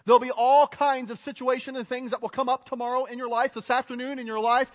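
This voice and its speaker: A man's voice: extremely high pitch, little pitch movement, fast talker. A male pastor preaching a sermon in an earnest, emphatic way, repeating his phrases and joking at his own expense. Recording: reverberant hall, dull lo-fi sound.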